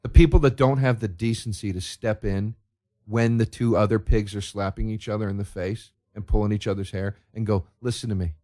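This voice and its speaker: A man's voice: on the low side, fairly even intonation, brisk, warm tone. A man on his comedy podcast, ranting sarcastically and profanely with big swings in energy. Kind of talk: solo comedic rant.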